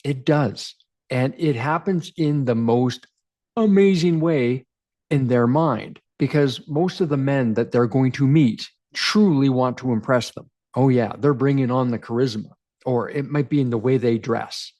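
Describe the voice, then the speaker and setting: A man's voice: medium pitch, a little slow. Emphatic man in his forties telling a story. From Canada. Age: 40s. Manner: emphatic, animated storytelling with repeated phrases. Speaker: men's relationship coach. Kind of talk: storytelling monologue to camera.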